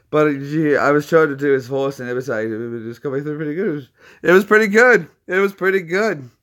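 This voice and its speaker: A man's voice: a little high, a little fast, a bit bright. Man, livestream host, rambling, restarts sentences, casual chat, phone mic.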